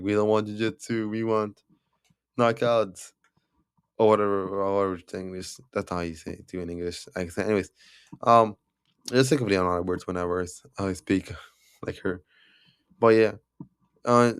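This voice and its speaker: A man's voice: on the low side, clean tone, no echo, clean studio sound. Rambling young man recapping fights. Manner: rambling with many fillers and restarts. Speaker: MMA recap video creator. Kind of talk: casual fight recap commentary.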